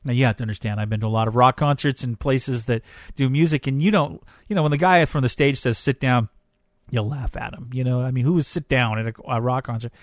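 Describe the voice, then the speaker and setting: Animated man telling a personal story. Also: mid-range voice, fast, no room sound, studio quality. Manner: animated, emotional, grows excited. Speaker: storyteller recounting a concert. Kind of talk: casual personal testimony.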